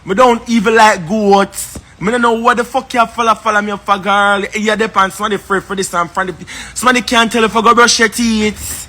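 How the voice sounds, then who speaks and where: A man's voice: high voice, steady tone, fairly quick, few pauses, bright, forceful tone. A man with a Jamaican accent, ranting on a live stream in a confrontational, repetitive, scornful way. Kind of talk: heated live-stream rant.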